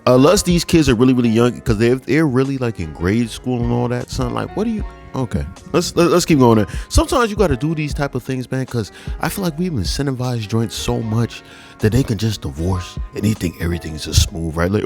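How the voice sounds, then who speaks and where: A male host giving slangy, animated reaction commentary, with frequent laughing asides. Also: medium pitch, fairly quick, vocal fry, soft background music.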